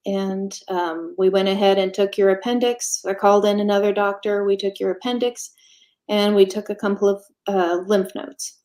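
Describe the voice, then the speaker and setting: A woman telling her own story as an interview guest, candid and matter-of-fact, pausing often and filling gaps with ums. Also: mid-range voice, little pitch movement, darkish tone. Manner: halting, with frequent pauses and fillers. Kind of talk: casual conversational storytelling.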